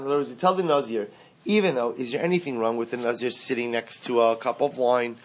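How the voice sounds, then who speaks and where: A man's voice: medium pitch, quick pace. Man teaching Talmud in singsong cadence. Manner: explains in a singsong study cadence, mixing Aramaic and Hebrew terms; repeats and restarts phrases, asks and answers his own questions. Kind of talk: Talmud class lecture.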